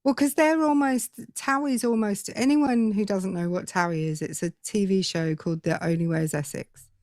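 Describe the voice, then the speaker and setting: A woman's voice: medium pitch, a little mellow, no echo. Chatty British woman, dry close sound. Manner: chatty, explains things with quick asides. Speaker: co-host. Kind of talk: casual chat on a live stream.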